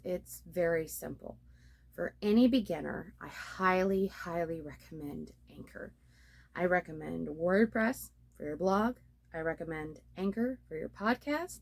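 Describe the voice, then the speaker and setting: Her voice is lowish, gravelly and somewhat dark as this young woman, a novice blogger and podcaster, speaks casually to a phone mounted on a ring light tripod. The topic is starting her podcast, and she is self-deprecating throughout, teasing herself over her errors and laughing at her own stumbles.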